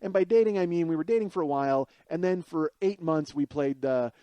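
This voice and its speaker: A man's voice: on the high side, fairly quick, dark tone, clean tone, dry recording, dull audio. Profane, rambling man telling a story. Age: 40s. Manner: profane, rambling, self-deprecating. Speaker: podcast host. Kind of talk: comic personal storytelling monologue.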